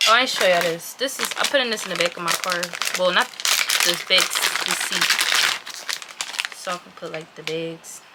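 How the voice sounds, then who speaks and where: Chatty, excitable woman vlogger unboxing on camera, noisy takes with crinkling packaging. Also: fairly low pitch, fast talker, few pauses. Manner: chatty, easily excited, talks to viewers as "y'all". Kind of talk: casual unboxing chat.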